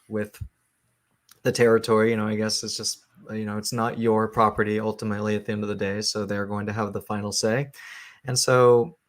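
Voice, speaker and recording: Brief: low, even-toned male writer, halting interview talk, lots of fillers. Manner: halting, many fillers and restarts. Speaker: comic book writer, guest.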